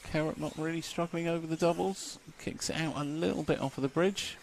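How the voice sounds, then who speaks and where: A man's voice: a little high, steady tone, a little fast, gravelly, darkish tone, a little hiss or hum. A man giving live commentary at a model car race, chatty and joking, laughing often.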